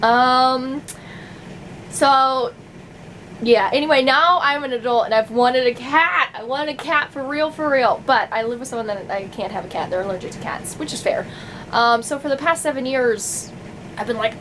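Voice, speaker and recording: A woman's voice: high voice, normal speed, fairly bright tone, a little hiss or hum, low-quality recording. A young adult woman vlogging in casual chat to camera, rambling with many fillers and frequent laughs.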